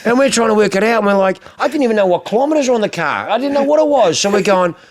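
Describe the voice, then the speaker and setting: A middle-aged Australian man telling animated, swear-heavy stories as a podcast host, acting out other people's lines. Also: sits high, very fast. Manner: animated, profane anecdotes with acted-out quotes. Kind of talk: casual chat, storytelling.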